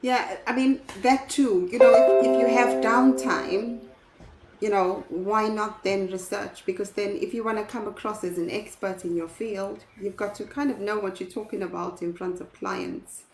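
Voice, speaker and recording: A woman's voice: mid-range voice, fairly even intonation, moderate pace, a little mellow, soft background music. A woman who owns a recruitment firm, talking reflectively in a rambling, self-correcting way as an interview guest on a video call. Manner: reflective, rambling, restarts sentences. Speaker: recruitment business owner, guest. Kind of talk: casual conversational interview answers. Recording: echoey room, faint noise.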